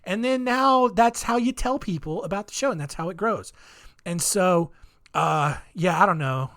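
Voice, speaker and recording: Here a male podcast host, voice sitting high with a fairly bright tone, speaks at an ordinary pace. Alone at the mic, he rambles through casual stories, dropping ums and dry little asides as he goes.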